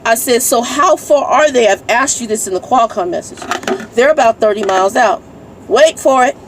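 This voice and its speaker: A woman's voice: on the high side, expressive, moderate pace, a little hiss or hum. A woman truck driver, ranting bluntly and reading out her messages in a casual vlog from her truck cab. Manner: irritated, blunt, swears, reads messages aloud. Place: inside a parked truck cab.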